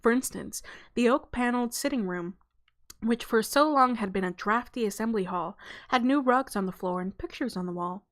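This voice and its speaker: A woman hosting her channel, reading a children's novel aloud in a relaxed, casual way with small stumbles and self-corrections. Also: a little high, normal speed. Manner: breaks off for a light aside and a laugh.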